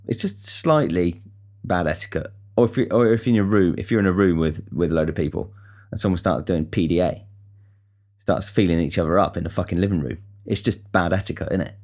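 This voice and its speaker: Low-voiced man rambling. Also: a little mellow. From England. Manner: rambling, swears freely, frequent restarts. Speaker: podcast host. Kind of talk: casual storytelling monologue.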